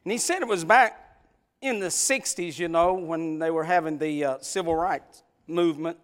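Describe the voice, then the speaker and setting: A man preaching a sermon, telling stories, swinging from loud hollering to soft, tender passages in a folksy Southern preaching cadence. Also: a little high, normal speed. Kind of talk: sermon with storytelling.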